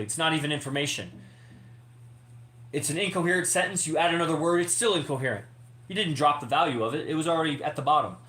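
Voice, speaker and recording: A man hosts his podcast in a rambling, emphatic monologue and swears freely as he lectures. His voice sits a little high for a man. The room around him rings with echo. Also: fairly bright tone. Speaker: podcast host. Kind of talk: casual monologue to members. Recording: echoey room.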